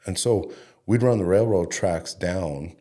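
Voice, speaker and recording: A middle-aged man with a low, mellow voice tells his story in a casual interview. He talks in a loose, chatty way, full of fillers and with a bit of mild swearing thrown in. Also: unhurried. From Denver, Colorado, USA. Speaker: head coach, interview guest.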